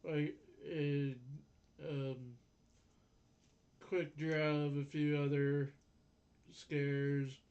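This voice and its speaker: A man casually reviewing an anime episode with a co-host, unhurried and chuckling as he refers to his notes. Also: a little high, monotone, a little mellow, dull audio. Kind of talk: casual recap chat.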